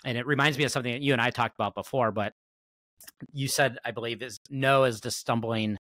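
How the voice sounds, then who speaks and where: A man's voice: medium pitch, steady tone, fast talker, a bit bright, no echo. A man hosting an interview podcast, musing thoughtfully and now and then restarting a word. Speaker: podcast host. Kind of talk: casual interview chat.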